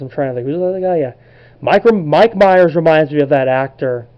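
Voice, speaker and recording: A man's voice: mid-range voice, muffled recording. Rambling young man vlogging. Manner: relaxed and rambling, unsure of name pronunciations. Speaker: collectibles vlogger. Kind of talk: casual talk to camera.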